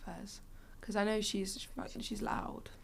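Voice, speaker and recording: A young woman from England, a netball player, telling playful, animated anecdotes as a podcast guest. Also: medium pitch, takes it slowly, gravelly. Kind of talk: casual chat.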